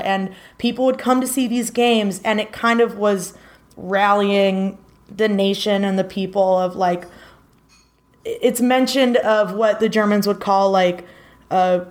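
A woman's voice: mid-range voice, darkish tone. A woman co-hosting a casual podcast, telling a story in a rambling way with many fillers. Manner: rambling, lots of filler words. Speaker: podcast co-host.

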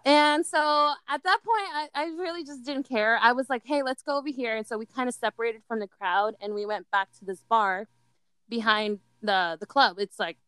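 A woman's voice: on the high side, moderate pace, a bit bright, smooth, no room sound, rough recording. A young woman telling a candid story in casual chat, dramatic and laughing often. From Latin American heritage.

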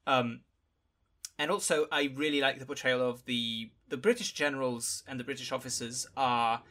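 A man's voice: mid-range voice, steady tone, normal speed, fairly bright tone. A man co-hosting a podcast, talking through a film in a casual, thoughtful way and searching for words as he goes.

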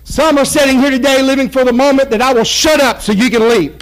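A man preaching a fervent sermon in a church, repeating phrases and building to shouted calls. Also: extremely high pitch, steady tone, quick pace, poor audio. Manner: repetitive, building to shouted exhortations. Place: church sanctuary.

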